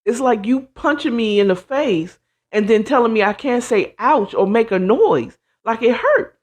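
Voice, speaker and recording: A woman hosts a casual advice talk, animated and blunt, acting out quoted voices and sprinkling in "child" and "you know what I'm saying." Her voice is on the high side at a moderate pace.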